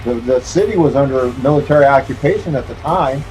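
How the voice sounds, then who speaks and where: A man's voice: medium pitch, a little fast, a little mellow, slight background noise, low-quality recording. A man streaming a game, chatting casually in a rambling, joking way and chuckling often. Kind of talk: casual chat while gaming.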